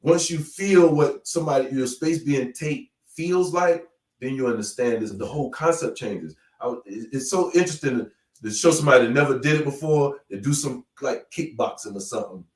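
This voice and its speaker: A man casually talking through martial arts ideas, animated, swinging from loud bursts to low mutters. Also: fairly quick, distant mic. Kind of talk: casual conversation. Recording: echoey room, off-mic.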